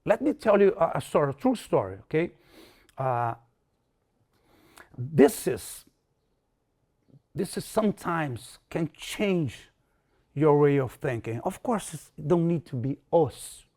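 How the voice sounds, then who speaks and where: Slow, gravelly man speaking broken English. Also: on the high side, expressive, darkish tone. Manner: broken English, repeats words, acts out quotes. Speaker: martial arts instructor. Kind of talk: motivational talk.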